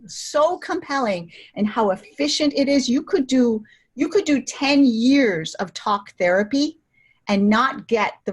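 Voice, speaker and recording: Husky, eager woman guest. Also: medium pitch. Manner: eager, restarts often, laughs when excited. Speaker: interview guest, wellness practitioner. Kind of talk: enthusiastic interview talk.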